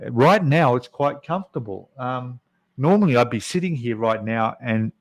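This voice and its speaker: A man's voice: mid-range voice, animated, moderate pace. A middle-aged man hosting a casual live stream, chatting in a rambling way and reading out viewer comments with many fillers. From Australia.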